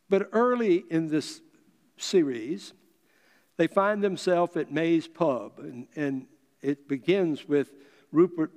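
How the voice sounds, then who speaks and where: Slow, deliberate male storyteller. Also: a little high, darkish tone. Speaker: speaker. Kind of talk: storytelling speech to an audience. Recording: long reverb of a large hall.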